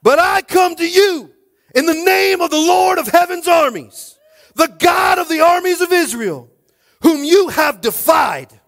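A man voicing a young shepherd boy who shouts his defiance at a giant. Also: extremely high pitch, lively intonation, unhurried, voice pushed up, exaggerated voice. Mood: defiant. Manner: shouting, fervent.

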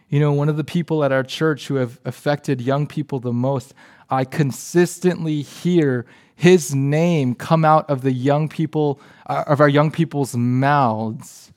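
Man preaching, hushed storytelling. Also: a little high, fairly even intonation, measured pace. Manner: storytelling, often drops to a soft hush. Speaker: pastor. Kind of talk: sermon with personal story.

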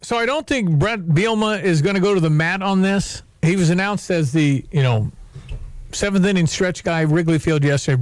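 High-voiced emphatic radio host man. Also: normal speed, dry recording. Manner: animated, emphatic, repeats himself. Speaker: radio sports talk host. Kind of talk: casual radio chat. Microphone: studio microphone.

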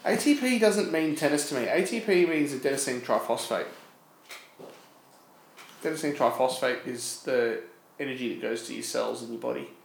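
A man's voice: medium pitch, moderate pace, vocal fry. A man, co-hosting a casual quiz podcast, rambling and joking through science tangents. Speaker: podcast co-host. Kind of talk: casual chat, quiz banter. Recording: echoey room.

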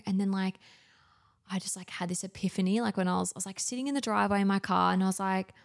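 Chatty Australian woman with gravelly fry. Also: medium pitch, fairly even intonation, quick pace. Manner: chatty storytelling, many fillers. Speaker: podcast guest. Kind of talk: casual chat.

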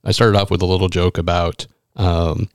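Deep gravelly guy rambling fast, tripping over words, dry mic. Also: flat delivery, no echo. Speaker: podcast co-host. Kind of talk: casual chat about tabletop gaming.

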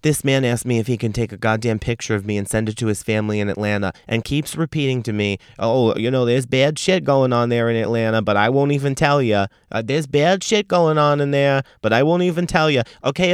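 A man in his thirties rants through a casual podcast story, sassy and full of profanity. His voice is smooth and mid-pitched, and it sits close and dry with no room sound around it. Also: dry recording. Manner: profane, sassy, animated ranting. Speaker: podcast host.

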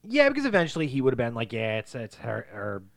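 A man co-hosting a podcast, quickly recapping a movie plot with curses and short impressions. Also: medium pitch, huge pitch swings, creaky, no room sound. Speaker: podcast co-host. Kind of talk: casual movie chat.

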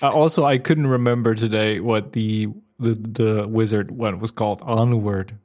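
A man's voice: fairly low pitch, steady tone, moderate pace, a little mellow. Man, podcast co-host, casual chat, earnest, repeats words, explains step by step.

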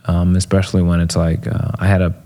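Man, dark mellow voice, motivational speaker, casual interview, animated storytelling. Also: deep voice, fast talker. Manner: animated storyteller acting out quotes; loose, filler-heavy talk.

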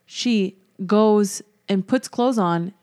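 A woman in her thirties, a podcast co-host, chatting casually and telling lively family stories, often laughing and acting out quotes in a higher voice. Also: very slow, clean tone. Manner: animated storyteller, acts out quotes in high voices, laughs often. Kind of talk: casual chat.

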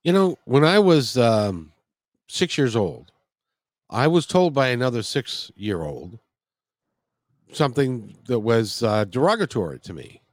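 A man's voice: mid-range voice, big pitch swings, measured pace, no echo, studio quality. A man hosting an interview, asking questions and sharing reflective personal thoughts. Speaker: interviewer, host. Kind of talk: conversational interview.

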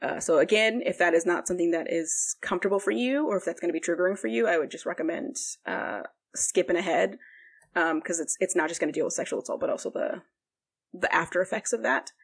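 A woman's voice: lowish voice, fast talker, gravelly, husky. A young woman co-hosting a podcast, recapping a book in a rambling casual chat full of fillers. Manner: rambling, heavy use of "like", frequent fillers. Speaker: podcast co-host.

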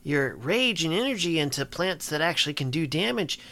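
A man's voice: fairly high pitch, very animated, normal speed, sharp tone. A man playing in a tabletop game, musing hesitantly about ideas. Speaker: player.

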